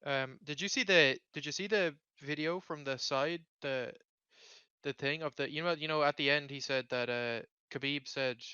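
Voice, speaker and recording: A man's voice: on the high side, moderate pace, sharp tone, clear, resonant tone, no room sound, lo-fi sound. A man hosting a casual podcast chat, rambling with lots of fillers and swearing freely. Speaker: podcast host.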